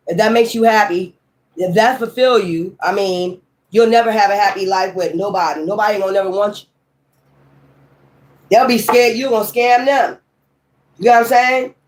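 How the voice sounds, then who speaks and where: A woman's voice: mid-range voice, normal speed. Blunt, profane woman in her fifties. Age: 50s. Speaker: tarot reader. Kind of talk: tarot reading with ranting commentary.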